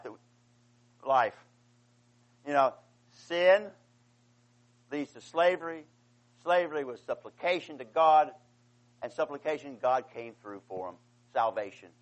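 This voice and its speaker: Delivering a sermon at medium pitch, a man shifts between quiet explaining and loud, pleading cries, calling out "amen" to his listeners in an impassioned way. The highs in the recording are cut off.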